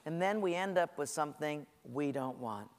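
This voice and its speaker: A man preaches with a fairly high voice, telling lively stories and slipping into the voices of whining people and answering characters. His words ring out with a long reverb from a big hall. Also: moderate pace. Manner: animated storytelling, acting out voices of people praying. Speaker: pastor. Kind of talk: sermon.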